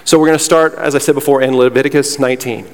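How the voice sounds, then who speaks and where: A man's voice: medium pitch, fairly even intonation, fast. A man preaching a sermon as pastor, fired up and slightly out of breath, emphatic and repeating himself. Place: church sanctuary. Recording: long hall reverb.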